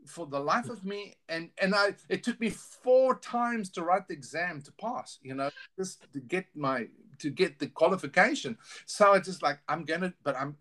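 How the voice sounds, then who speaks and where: A man's voice: a little high, sharp tone. A middle-aged man telling his story candidly in a casual interview, often restarting his sentences. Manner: earnest, candid, with many restarts. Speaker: guest.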